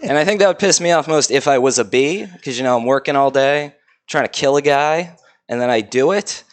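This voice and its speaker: A man's voice: medium pitch, a little fast. A young man, a stand-up comedian delivering dry, matter-of-fact one-liners.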